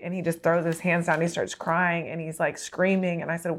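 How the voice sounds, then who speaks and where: A woman host with a somewhat low voice tells a personal story. She talks in a loose, conversational way, often laughing, stopping mid-sentence and starting over. She sounds like someone in her thirties chatting openly with a guest. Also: fast talker, few pauses. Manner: animated, laughing, frequent fillers and restarts. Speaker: podcast host.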